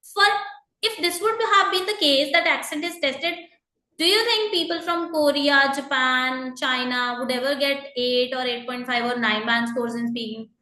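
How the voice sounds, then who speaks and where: A woman with a high, bright voice teaches an exam-prep lesson in an echoey room. She explains patiently, fills pauses with "uh" and "you know", and keeps repeating her main points. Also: fairly even intonation. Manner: patient and explanatory, many fillers and repeated reminders. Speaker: IELTS teacher. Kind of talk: online lesson, explaining to students.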